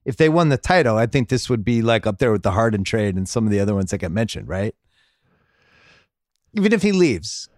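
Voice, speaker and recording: A man's voice: fairly low pitch, quick pace, few pauses, no room sound, studio quality. A man hosting a sports podcast, chatting casually and jokingly about basketball. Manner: animated, jokey, reads ad copy conversationally. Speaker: podcast host.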